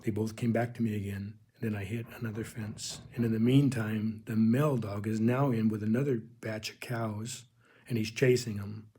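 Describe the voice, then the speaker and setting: A man recounting a spiritual vision as a testimony, speaking earnestly with halting restarts and calling his listeners "people". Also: on the low side, steady tone, mellow, slight background noise. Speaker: religious video host.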